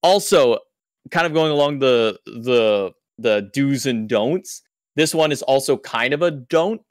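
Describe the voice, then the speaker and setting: A man's voice: mid-range voice, expressive, unhurried, dry recording, studio quality. A man who works as an esports caster, explaining things in loose casual podcast talk with lots of filler words.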